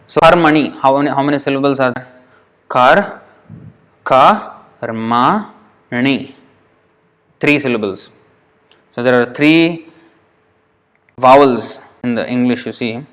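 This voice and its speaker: A man teaching an informal lesson on verse pronunciation, patient, often restarting and sounding words out slowly syllable by syllable. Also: mid-range voice. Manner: frequent restarts, thinking aloud.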